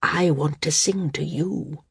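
A woman reading the part of a frail, dying old woman who speaks frankly, wearily and with quiet firmness. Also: low-pitched, takes it slowly, vocal fry, husky, no echo, studio quality, heavily acted. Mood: earnest. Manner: frank, weary, gently firm.

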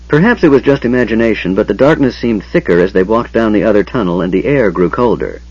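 A husky, low-pitched male voice narrates a fantasy audiobook, with an animated rise and fall in his pitch. The recording is dull and lo-fi, with the top end muffled. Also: fast talker, hardly any pauses, no echo. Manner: expressive, dramatic storytelling.

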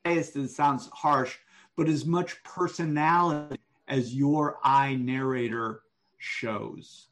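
A man giving one-on-one manuscript feedback over an online call, explaining deliberately and thinking aloud. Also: medium pitch, fairly even intonation, fairly bright tone. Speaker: writing coach.

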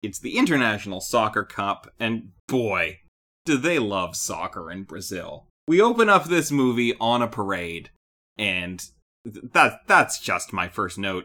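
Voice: mid-range voice, sing-song, unhurried, pushed and bright. A podcast co-host giving a casual, playful comedic movie review, telling the story with lots of energy.

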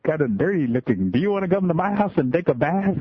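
A chirpy four-year-old girl calls out in a high, sing-song little voice, as a man puts her on. The sound is tinny and phone-like, with no room around it. Her tone stays sweet and eager. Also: big pitch swings, fast, husky, no room sound. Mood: innocent. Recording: tinny phone-like radio line.

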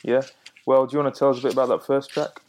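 Man, podcast co-host, casual banter, dry humour, mid pitch. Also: little pitch movement, very fast, darkish tone, slight background noise. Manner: easygoing, joking banter with a dry edge. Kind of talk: casual chat.

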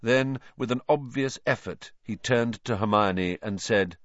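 A man narrating an audiobook with an expressive, dramatic reading. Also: mid-range voice, a little slow, dry recording, highs cut off. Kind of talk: scripted narration.

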